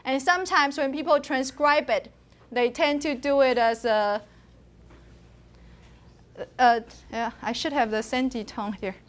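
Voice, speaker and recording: In a university classroom, a woman with a high-pitched voice teaches phonetics at a measured pace, pausing often. She alternates between English and Mandarin and voices the tones and vowels herself as demonstrations.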